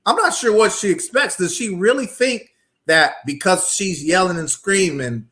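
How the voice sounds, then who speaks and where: Cohost guy, kinda high voice, halting with lots of uhs, chatty breakdown. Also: expressive, pushed and bright. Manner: halting, starts with "uh", repeats words. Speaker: co-host. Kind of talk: casual commentary on a video.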